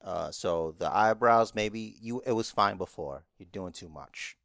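A man's voice: fairly low pitch, measured pace, gravelly, a bit bright, no echo, studio quality. A man co-hosting a podcast in casual chat, teasing his partner and delivering mock-serious asides. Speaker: podcast co-host.

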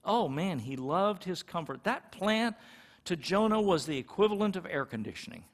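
High-voiced middle-aged pastor preaching. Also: male voice, very animated, normal speed. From California. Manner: conversational, acts out little quoted exchanges. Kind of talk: sermon.

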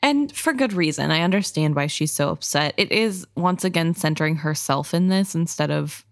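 A woman's voice: deep voice, lively intonation, normal speed, no room sound, studio quality. A woman co-hosting a book podcast, talking casually and emotionally about the characters. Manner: sympathetic, emotional. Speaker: podcast co-host.

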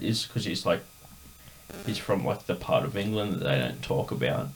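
A man's voice: low-pitched, expressive, moderate pace. A man hosting a podcast, telling a rambling story in casual chat with lots of fillers. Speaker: podcast host.

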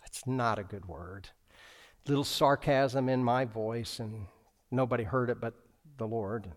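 A man's voice: mid-range voice, measured pace. A man preaching a sermon as a pastor, telling a personal story with lots of restarts and acted-out dialogue.

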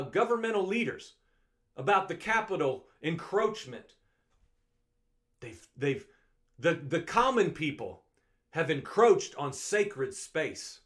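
A man's voice: high voice, a bit bright. A man preaching an earnest online sermon, pleading with his listeners and often repeating his phrases. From United States.

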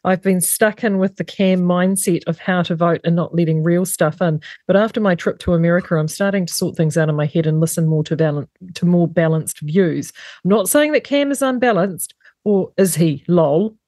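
A middle-aged New Zealand woman hosts a talk radio show, her voice sitting on the low side. She reads listener messages and news items in a steady studio voice. The sound is dry and close, with no room echo. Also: moderate pace. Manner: reads listener messages aloud, then conversational asides. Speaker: radio host. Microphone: studio microphone.

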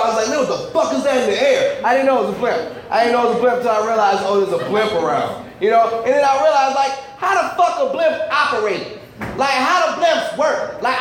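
A man's voice: very high-pitched, a bit bright. A man doing a profane, rambling stand-up comedy set in front of a live audience, breaking into mock-outraged rants. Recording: very echoey room mic.

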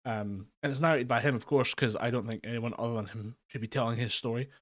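A man's voice: mid-range voice, steady tone, quick pace. Rambling, laughing podcast co-host man. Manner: rambling, laughs often, many fillers. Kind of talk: casual chat. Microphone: remote call mic.

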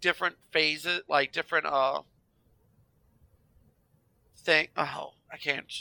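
A tired man, a teacher, chatting on a gaming podcast, halting and searching for words. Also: fairly high pitch, steady tone, gravelly, bright, forceful tone, no room sound. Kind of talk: casual chat.

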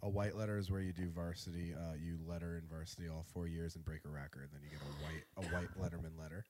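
A man's voice: deep voice, steady tone, fast talker, darkish tone. A man joking and teasing in casual podcast chat.

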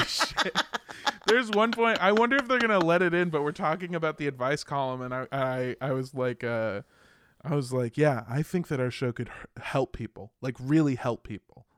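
A man's voice: a little high, fairly bright tone, clear, resonant tone, no echo. A young man chatting casually on a podcast, telling rambling anecdotes, laughing often and swearing casually. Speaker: podcast guest. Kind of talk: casual chat.

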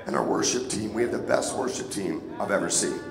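A man preaching a casual, joking sermon in church, hoarse and sniffling from a cold, often calling for an amen. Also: sits low, lively intonation, a little fast. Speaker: guest preacher. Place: church sanctuary. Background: music.

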